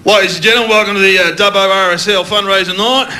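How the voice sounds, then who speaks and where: A man's voice: sits high, steady tone, fast, over music, close to an everyday voice. A man with an Australian accent putting on a bored, blunt club compere announcing acts at a fundraiser night, for stand-up comedy. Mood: deadpan offhand. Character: gruff bored male club compere, middle-aged.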